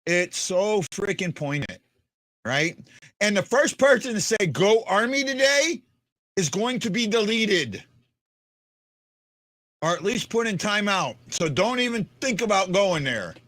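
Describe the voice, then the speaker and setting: A man hosts a live fan stream with a slightly raised, very animated voice that rises and falls constantly. He rambles, jokes and talks to viewers in the chat by name. The sound is close and dry, with no room around it. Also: high-pitched, measured pace, long pauses, no echo. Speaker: livestream host.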